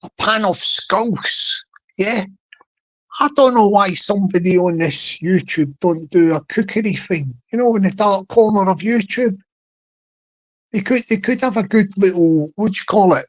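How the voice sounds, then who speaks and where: A man's voice: high-pitched, normal speed, poor audio. A man hosting a casual livestream, rambling with many restarts and repeated words and chuckling often. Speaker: livestream host.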